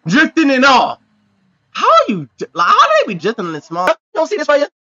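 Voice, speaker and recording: A man hosting a reaction video, with excitable, exclamatory commentary full of profane slang. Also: very high voice, brisk, highs cut off.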